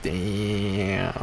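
Young man, show host, low gravelly voice, slow drawling delivery, crude profane rambling, sudden high-pitched outbursts. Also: slight background noise. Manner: loud sudden jumps in pitch for emphasis. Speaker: podcast host. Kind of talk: casual comedic monologue.

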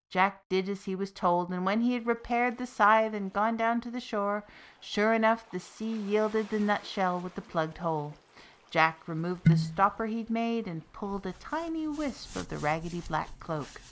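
A woman's voice: mid-range voice, moderate pace. Woman narrating a folk tale. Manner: steady, expressive reading. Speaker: storyteller.

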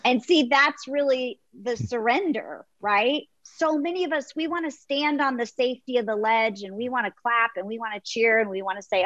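A woman guest on a faith interview, telling an illustration with lively voices for the crowd. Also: a little high, moderate pace, few pauses, no room sound, dull audio. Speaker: guest author.

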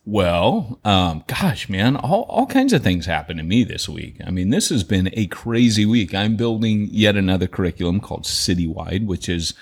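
A man's voice: on the low side, lively intonation, moderate pace, hardly any pauses, slightly rough. A man co-hosting a podcast in casual, jokey chat. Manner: jokey, slips into goofy put-on voices. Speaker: podcast co-host.

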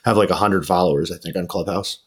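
A man's voice: deep voice, fairly even intonation, fast talker, breathy edge. A man chatting casually on a podcast, laid-back and opinionated, with lots of "like" and "um".

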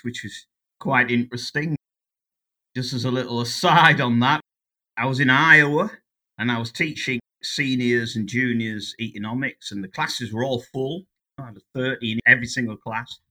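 An English man in his sixties speaks with a strikingly bright, sharp tone. He is a guest economist in a relaxed interview, chatty and full of anecdotes. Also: medium pitch. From England. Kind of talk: casual interview chat.

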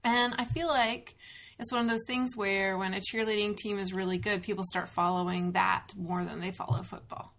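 A woman co-hosting a podcast in casual chat, animated and arguing her point with halting fillers. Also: mid-range voice. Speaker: podcast co-host.

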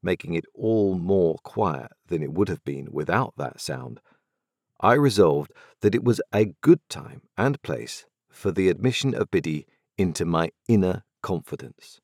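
A man narrating a novel in the first person, measured and reflective. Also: low-pitched, expressive, a little mellow, no echo, clean studio sound. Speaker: audiobook narrator.

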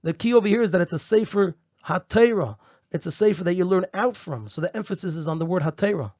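A man's voice: sits high, expressive, quick pace, a little mellow, no echo, muffled recording. A man teaching a Torah text step by step, methodically repeating key phrases and using Hebrew and Yiddish terms in Ashkenazi pronunciation. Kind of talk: explaining a Torah text line by line.

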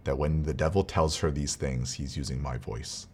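Man with a very low voice, earnest rambling vlog story, restarts and soft laughs. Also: fairly even intonation, normal speed, slight background noise. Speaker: vlogger, father. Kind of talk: casual personal storytelling.

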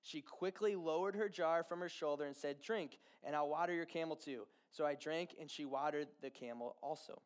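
Young man, casual sermon storyteller, chatty, animated, slightly high voice. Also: normal speed, hardly any pauses, clean tone. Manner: animated, chatty, with fillers and asides.

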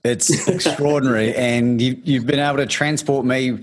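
A man's voice: medium pitch, steady tone, moderate pace. A man from New Zealand interviewing a guest, asking questions in an encouraging way. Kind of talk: casual interview.

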